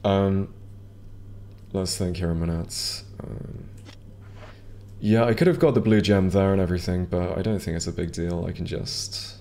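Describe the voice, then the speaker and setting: Deep and warm, this man's voice comes through a headset or desk mic with a little hiss or hum as he streams a game at normal speed. His casual chat with viewers wanders, packed with ums and false starts.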